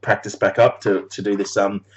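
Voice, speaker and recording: A man's voice: on the low side, flat delivery, normal speed, muffled recording. A man chatting casually in a rambling way on his video blog. He laughs often, swears freely and trails off mid-thought. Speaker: animator vlogger.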